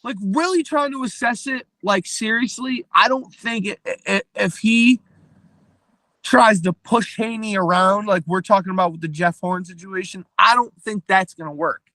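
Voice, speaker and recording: A man's voice: high-pitched, moderate pace, bright, forceful tone, no room sound. A man co-hosting a boxing podcast, talking through a fight plan in casual chat with many restarts. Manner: analytical, hesitant restarts. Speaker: podcast co-host.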